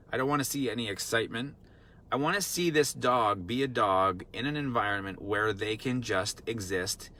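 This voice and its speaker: A man's voice: medium pitch, pushed and bright. A man working as a dog trainer, explaining in a casual teaching talk, earnest and repetitive, full of rhetorical questions. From Vermont.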